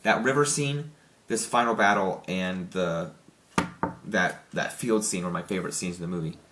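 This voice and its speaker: A young man reviews a film in a loose, excited ramble, tripping over his words and restarting sentences. His voice sits a little low. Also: moderate pace, noisy background. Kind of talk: casual spoken movie review.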